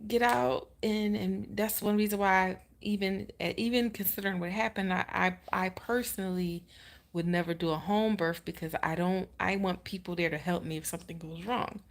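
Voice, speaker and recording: A woman in her thirties tells a personal story straight to the camera in a chatty, unscripted way. She leans on "like" and acts out what other people said in quick quotes. Her medium-pitched voice carries a gravelly, creaky edge. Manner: chatty, many "like" fillers, acts out the nurse in quotes. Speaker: vlogger telling her birth story. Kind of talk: casual storytelling vlog. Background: baby sleeping nearby, she lowers her voice.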